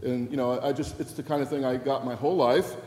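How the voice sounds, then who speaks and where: A man's voice: mid-range voice, steady tone, fast, darkish tone. A middle-aged man, a pastor, preaching a sermon in a reflective, personal storytelling way in a church. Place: church sanctuary. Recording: echoey church hall with faint ambience.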